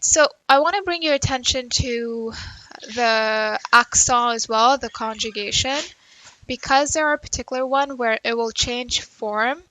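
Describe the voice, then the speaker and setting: A woman's voice: a little high, pushed and bright, no echo, poor audio. A woman teaching a French grammar lesson in English, explaining step by step and checking in with "right?" and "okay". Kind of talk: recorded grammar lecture.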